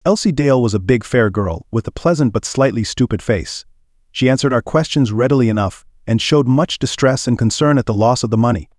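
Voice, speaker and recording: A man's voice: medium pitch, a little fast, a little mellow, no room sound, studio quality. Man reading a mystery novel aloud. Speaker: audiobook reader. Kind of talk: scripted narration.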